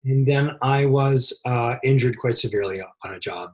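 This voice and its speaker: A middle-aged man, a set dresser, telling a lively anecdote in an interview and laughing often as he talks. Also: medium pitch, moderate pace.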